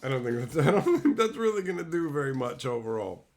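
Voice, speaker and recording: Talking fast in a fairly high voice with big pitch swings, a man livestreams casually and riffs on viewer messages. His banter is crude and full of profanity.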